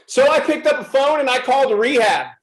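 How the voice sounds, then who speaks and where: A man's voice: very high voice, animated, fast talker, roomy sound, rough recording. A middle-aged American man giving an intense, emphatic personal talk to a club audience. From USA. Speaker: speaker at a club presentation.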